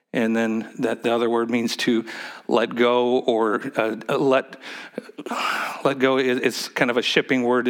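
A man, the pastor of his church, preaching a sermon in a halting way with many repeated words, now and then calling on the congregation to answer. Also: medium pitch, a bit bright.

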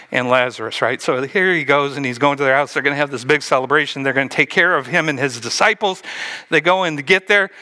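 Bright-voiced animated male preacher. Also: a little high. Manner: animated preaching, acting out Bible scenes, dropping to a hush for emphasis. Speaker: pastor. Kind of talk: sermon.

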